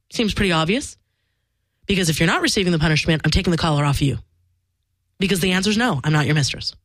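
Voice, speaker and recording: A woman with a slightly low voice tells a personal story in a candid, emphatic way, swearing freely and acting out quoted dialogue. The recording is dry and close, with no room sound. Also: dry recording.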